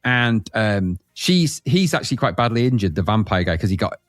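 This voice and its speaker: A man's voice: fairly low pitch, very animated, moderate pace, dry recording, clean studio sound. A man co-hosting a podcast in casual chat about retro films, blunt and laughing, acting out scenes. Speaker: podcast co-host.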